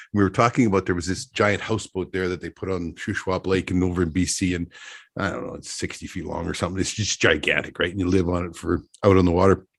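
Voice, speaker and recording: A man's voice: fairly low pitch, dry recording, clean studio sound. A middle-aged man from Texas, a trapper guest telling rambling stories in casual chat, laughing often. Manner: rambling anecdotes, frequent laughter, restarts.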